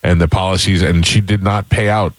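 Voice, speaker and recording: Low-voiced guy hosting talk radio, joking around, dry close mic. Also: steady tone, fairly quick, no echo. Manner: joking, self-mocking about dad jokes. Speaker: radio talk show host. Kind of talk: casual radio banter.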